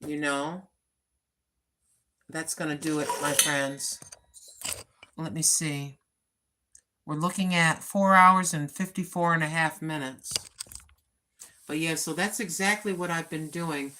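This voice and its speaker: A woman's voice: sits low, steady tone, slow, long pauses, background noise. An older woman, a senior citizen, talking in a plain-spoken, chatty and earnest way on her own livestream. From United States. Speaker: vlogger. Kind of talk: casual livestream chat.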